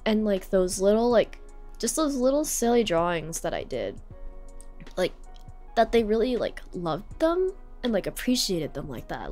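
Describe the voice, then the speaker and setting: A young adult woman streamer telling a personal story in a casual, rambling way, full of fillers and sentiment. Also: mid-range voice. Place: home streaming setup.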